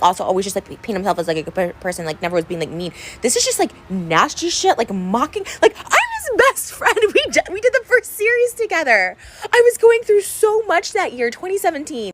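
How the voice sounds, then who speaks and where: A young adult woman vlogs unscripted to her viewers, upset and ranting to camera in a rambling way full of "like." Her voice is medium-pitched, with a bit of hiss or hum in the background.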